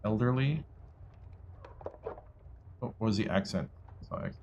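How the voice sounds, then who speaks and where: A man's voice: lowish voice, a little slow, darkish tone, highs cut off, slight background noise. Man muttering through a gameplay stream. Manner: muttering to himself while trying voices. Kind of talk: casual gameplay livestream chat.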